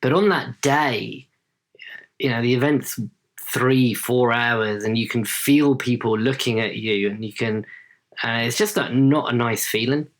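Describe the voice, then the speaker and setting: A man's voice: medium pitch, measured pace. A man in his late thirties, a podcast guest telling a story casually, often tagging his sentences with "right?". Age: late 30s. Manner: chatty, tags sentences with "right?".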